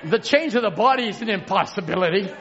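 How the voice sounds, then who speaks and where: Man, preacher, shouting exhortation, call-and-response, church, dull lo-fi sound. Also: sits high, lively intonation, quick pace. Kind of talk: fervent Pentecostal-style sermon. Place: church sanctuary.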